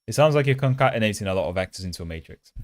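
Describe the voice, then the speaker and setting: Low-voiced man chatting on a coding stream. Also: animated, quick pace, dry recording. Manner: chatty and self-mocking, reads chat aloud; holds mic close in a mock ASMR voice. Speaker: coding livestream host. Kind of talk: casual livestream chat while coding. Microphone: handheld mic held close.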